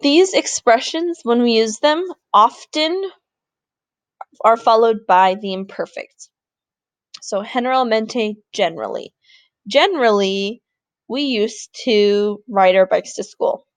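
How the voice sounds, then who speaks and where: A woman's voice: mid-range voice, dry recording. A woman Spanish teacher giving a recorded grammar lesson in an upbeat, informal way.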